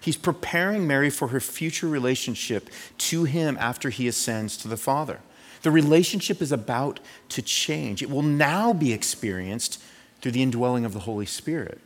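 Conversational male pastor in a reverberant hall. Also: medium pitch. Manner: conversational, asks "right?" often. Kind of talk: sermon.

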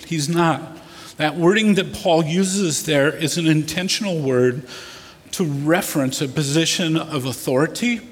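A man's voice: on the high side, slightly rough. A man preaching a sermon as pastor, acting out scenes and building to emphatic bursts. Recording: echoey hall with long reverb.

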